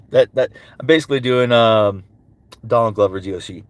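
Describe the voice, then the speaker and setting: A man's voice: medium pitch, lively intonation, normal speed, dry recording. A male voice actor chatting casually with fans and answering their questions, slipping into character voices between answers. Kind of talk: casual livestream Q&A with impressions.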